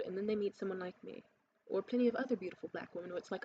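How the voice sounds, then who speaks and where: A woman's voice: mid-range voice, very fast, warm tone. Blunt, profane woman ranting to camera. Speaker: vlogger. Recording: slightly muffled with faint hiss.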